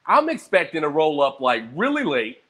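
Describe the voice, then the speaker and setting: A man's voice: a little high, normal speed. A young man rambling casually about his day, swearing freely and jumping between stories, a little hungover. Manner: profane, rambling, animated storytelling.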